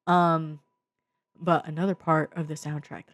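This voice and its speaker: A young woman from the Bay Area giving a casual media review into her own mic, excitable and slangy, swearing freely and full of fillers. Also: sits low, normal speed, dry recording. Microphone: own desk mic.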